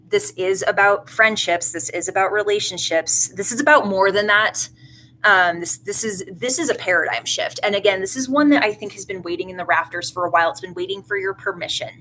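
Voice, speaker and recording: A woman's voice: mid-range voice, pushed and bright, a little hiss or hum, rough recording. A woman doing a tarot reading in a casual, rambling way, earnest and emotional. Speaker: tarot reader.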